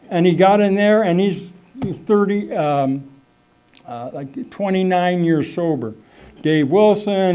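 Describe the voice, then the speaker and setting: A middle-aged man giving a rambling, animated personal testimony at a recovery meeting, full of fillers and asides. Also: on the high side. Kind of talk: personal testimony, casual storytelling.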